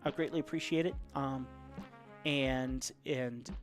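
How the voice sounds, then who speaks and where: A man's voice: mid-range voice, fairly even intonation, a little slow, soft background music. A man live-streaming his drawing, chatting casually and reading viewer comments aloud in a rambling way. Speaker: caricature artist live-streaming.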